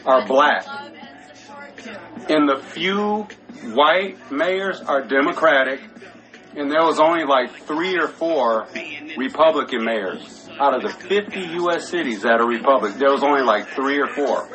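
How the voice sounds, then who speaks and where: A man's voice: medium pitch, lively intonation, unhurried, a bit bright, low-quality recording. Rambling man chatting on a podcast. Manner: rambling, many restarts, smoking while talking. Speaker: podcast co-host. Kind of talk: casual chat.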